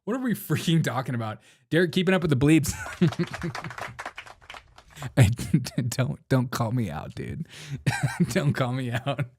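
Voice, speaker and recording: A man's voice: medium pitch, expressive, unhurried, pauses often, darkish tone, husky. A man hosting a live-stream show, chatting casually in slang, laughing often and mocking the clips he plays.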